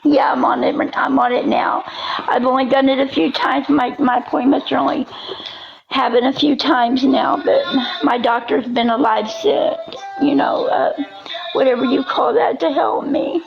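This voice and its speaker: A hoarse woman on a livestream, talking in an agitated, repetitive way, often yelling and then praying. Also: sits high, steady tone, moderate pace, muffled recording, over music. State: hoarse, coughing. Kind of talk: emotional livestream rant.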